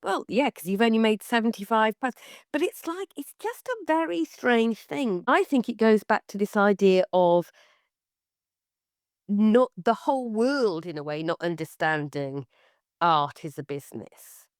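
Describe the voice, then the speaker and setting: A woman's voice: medium pitch, animated, measured pace, dry recording, studio quality. A woman co-hosting an art podcast in casual chat, talking animatedly and mimicking other people's voices. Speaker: podcast co-host.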